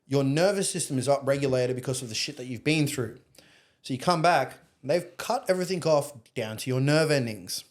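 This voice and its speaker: Australian man, young adult, podcast guest, rambling storyteller, swears freely, mid pitch. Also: a little fast. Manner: candid, profane, rambling storyteller. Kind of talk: casual storytelling interview.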